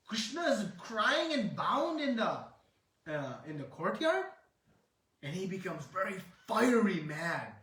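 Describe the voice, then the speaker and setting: A man tells a sacred story as a devotional sermon, earnest and explanatory, with dramatic pauses. His voice sits slightly high for a man. It is heard from a distance in a roomy, echoing hall. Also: fairly bright tone. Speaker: speaker.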